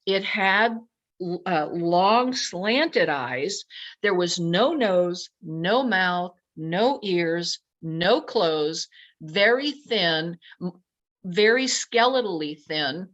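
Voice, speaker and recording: A woman guest telling a personal story in a lively way, acting out her own past thoughts as quotes. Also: lowish voice, extremely slow. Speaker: podcast guest. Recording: dull lo-fi sound.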